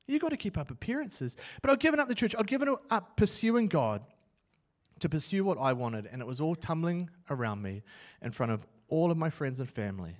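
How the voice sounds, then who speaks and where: A man pastor preaching a sermon, telling a personal story with animated swings from loud outbursts to hushed lines. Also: mid-range voice.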